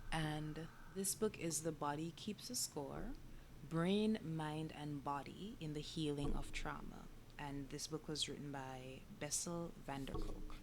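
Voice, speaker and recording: Jamaican woman, podcast host, low voice, calm teaching delivery with a faint hiss behind. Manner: calm, explanatory, repeats key phrases. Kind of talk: solo podcast talk on emotions and healing.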